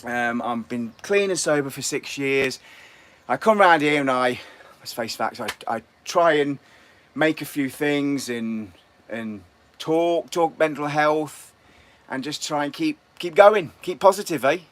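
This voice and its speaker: A man's voice: fairly high pitch, measured pace, a bit bright. A middle-aged English man with an English accent, rambling and restless as he chats casually to viewers on a woodworking live stream. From England.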